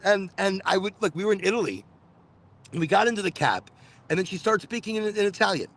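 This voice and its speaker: A man's voice: high-pitched, lively intonation, quick pace, fairly bright tone. A man hosting a live cannabis podcast, chatting casually and rambling, often repeating words as he tells stories. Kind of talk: casual livestream chat. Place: Florida.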